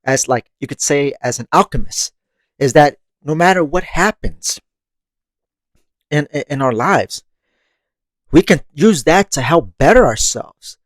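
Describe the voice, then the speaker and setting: A man with a slightly high voice and lively intonation speaks unhurriedly, pausing often, with no echo in the audio. He hosts a monthly meditation podcast and talks about growth casually, with frequent laughter and casual swearing.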